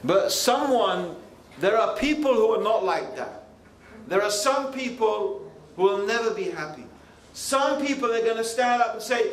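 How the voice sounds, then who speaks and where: High-voiced male preacher, animated and chatty; echoey hall. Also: a little slow. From United Kingdom. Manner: animated, conversational, frequent asides. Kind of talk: lively youth sermon. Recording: echoey hall, faint ambient noise.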